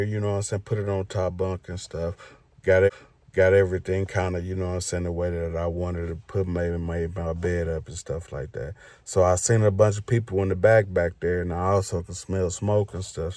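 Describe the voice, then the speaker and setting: A man with a low voice tells a story in a loose, rambling way. He leans on fillers as he talks. The recording is close and dry, with no room sound. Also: darkish tone, no echo. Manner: loose, rambling, filler "you know what I'm saying". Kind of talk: casual storytime vlog.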